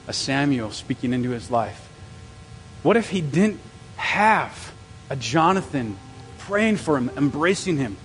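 A male pastor preaching a sermon in an animated way, repeating phrases for emphasis with stumbling restarts. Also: a little high, long reverb tail, poor audio. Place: church service.

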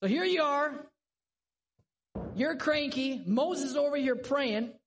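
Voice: high-pitched, slow, slight background noise. A preacher giving a sermon in a conversational, vivid storytelling way.

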